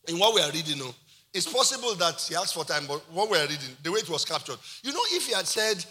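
A Nigerian man preaching a sermon as pastor, animated, dropping into Yoruba phrases and shouting for emphasis. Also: a little high, fast.

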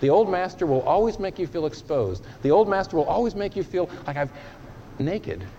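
Male preacher, mid-pitched, emphatic and lively, dramatic pauses, dull lo-fi sermon recording. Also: slight background noise.

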